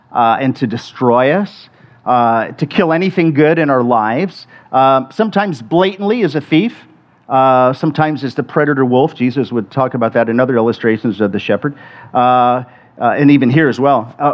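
A man's voice: medium pitch, normal speed. A middle-aged man preaching a sermon in a conversational way, often restarting and repeating words. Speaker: pastor. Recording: muffled lo-fi sermon recording.

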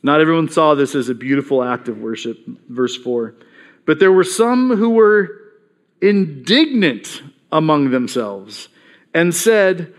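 A man's voice: on the high side, big pitch swings, a little slow. A man preaching a sermon in a conversational way, reading scripture aloud and acting out the voices in it. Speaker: pastor.

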